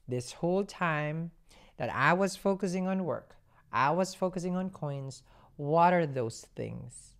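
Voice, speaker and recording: A woman giving a tarot reading in a chatty way, humming as she thinks and asking rhetorical questions. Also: sits low. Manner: conversational, rhetorical questions, musing hums. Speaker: tarot reader.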